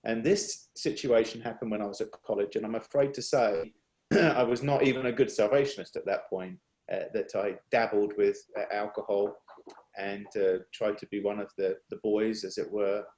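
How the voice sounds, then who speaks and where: An earnest man with a lowish, slightly mellow voice gives personal testimony at a worship workshop, heard over a video call with roomy echo. He sounds confessional, halting and restarting as he speaks.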